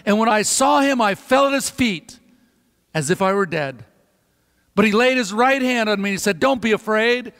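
A pastor preaching a sermon, with dramatic pauses and drops to a hush at the ends of phrases. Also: male voice, high voice. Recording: reverberant hall.

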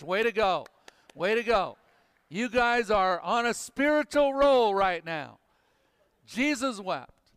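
A man preaching a sermon, emphatic and dropping to hushed intensity, in a church. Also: high voice, clear, resonant tone, no echo, studio quality, in a large hall. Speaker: pastor.

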